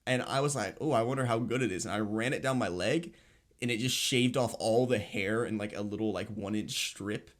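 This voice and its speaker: A man's voice: on the low side, brisk. A young man co-hosting a podcast, telling stories in a casual chat, acting out voices and laughing often. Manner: animated storyteller, acts out voices, laughs often. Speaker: podcast co-host.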